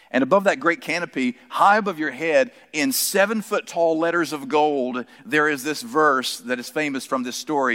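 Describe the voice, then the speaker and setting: Man preaching in a reverberant hall. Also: on the high side. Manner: storytelling, drops to soft emphatic quotes. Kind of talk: sermon. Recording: long reverb from a large hall.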